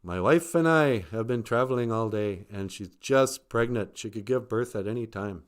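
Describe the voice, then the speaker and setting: A man's voice: fairly low pitch, normal speed, clean tone, lightly acted. A man voicing an easygoing husband who turns mock-polite when asking for a room. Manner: laid-back, falsely formal when asking.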